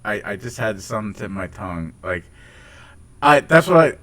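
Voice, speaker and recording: An American man chatting casually on a podcast, rambling and halting, with casual swearing. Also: lowish voice, animated, fairly bright tone. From United States. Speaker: podcast host. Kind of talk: casual chat.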